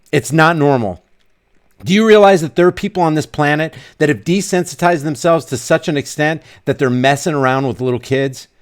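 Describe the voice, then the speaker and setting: Middle-aged guy ranting on his vlog, kinda high voice, preachy, repeats stuff over and over. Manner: fiery, preachy, emphatic, repeats himself. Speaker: vlogger.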